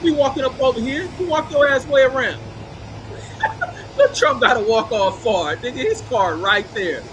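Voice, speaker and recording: A man with a high-pitched voice rants through profane, scornful commentary on a video clip, mocking and laughing as he goes. Clear background noise sits under his voice. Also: moderate pace, fairly bright tone. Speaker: vlogger commenting on news footage.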